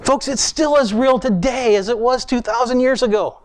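Casting: male pastor, high-pitched voice, casual storytelling sermon with animated quoted asides. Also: moderate pace, slight background noise.

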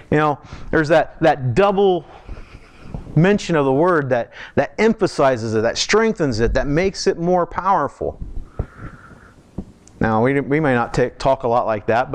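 A man preaching a sermon in a church, talking conversationally, asking the congregation questions and slowing down to stress key words. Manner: slows down and lifts pitch for emphasis. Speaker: pastor.

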